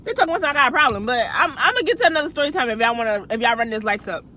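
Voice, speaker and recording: High-voiced young woman telling a story. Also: expressive, rapid-fire, sharp tone, a little hiss or hum, rough recording. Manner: chatty slangy storytelling, restarts and asides to viewers. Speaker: vlogger. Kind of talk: casual storytime.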